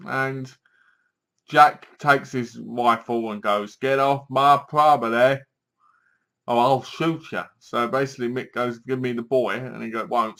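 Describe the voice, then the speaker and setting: A man's voice: mid-range voice, fairly bright tone. A man giving a casual, rambling film review and retelling scenes in his own words. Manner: rambling and chatty, retells scenes with quoted lines. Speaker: movie reviewer.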